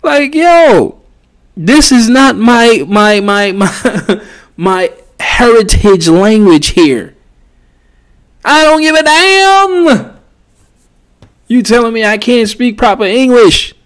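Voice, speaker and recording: Squeaky loud guy doing a comedian bit, brash and defiant, a man putting it on, pushed way up high. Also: sing-song, slow, pauses often, smooth, full character voice. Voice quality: high-pitched and shouty.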